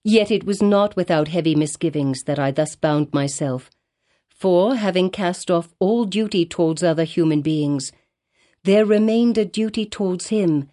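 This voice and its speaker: A woman's voice: lowish voice, dark tone, natural voice. A woman voicing a grave, sorrowful, resolute woman in a storybook, with a solemn and earnest delivery.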